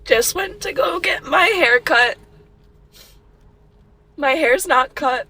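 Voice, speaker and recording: A streamer woman shouting in an upset way in a filmed clip. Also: sits high, expressive, slow. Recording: far from the mic.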